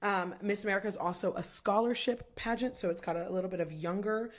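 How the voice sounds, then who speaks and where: This young woman co-hosting a podcast has a medium pitch and a quick pace. It's casual chat, and her words keep getting padded with "like" and "um."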